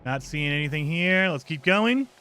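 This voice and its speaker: A gaming streamer with a fairly high, sharp-toned voice chats at a moderate pace with lively intonation, explaining his moves and grumbling when things go wrong. He gets out of breath at times while running, and a faint hiss or hum sits under the audio.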